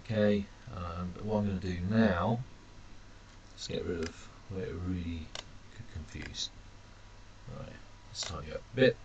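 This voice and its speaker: A man teaching a language lesson while drawing characters on screen, chatty and self-deprecating, calling his viewers ladies and gentlemen. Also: low voice, a little slow, highs cut off, noisy background.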